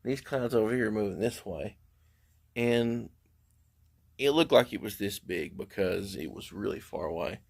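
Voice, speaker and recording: A man's voice: fairly low pitch, expressive, normal speed, creaky. A middle-aged man chatting casually on a livestream, telling easygoing, rambling stories from his porch. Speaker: live streamer. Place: outdoor porch.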